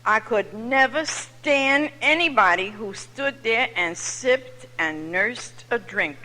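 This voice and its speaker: A woman, telling her own story at a recovery meeting with lively comic timing. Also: on the high side, takes it slowly. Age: 70s. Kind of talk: personal testimony to a live audience. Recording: echoey hall from far off.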